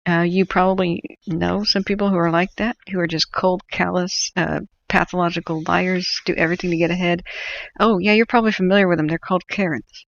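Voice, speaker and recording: Woman host, creaky voice, casual opinionated rambling, dull lo-fi sound. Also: fairly low pitch, fairly even intonation, brisk. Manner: rambling, opinionated, with many fillers and restarts. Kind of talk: casual livestream talk. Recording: dull lo-fi audio.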